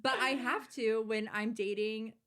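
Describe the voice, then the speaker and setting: A woman's voice: fairly high pitch, fairly even intonation, measured pace, a bit bright. A woman in her twenties, a podcast guest, telling a personal story in candid, chatty talk full of "like" and swearing. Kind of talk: casual chat.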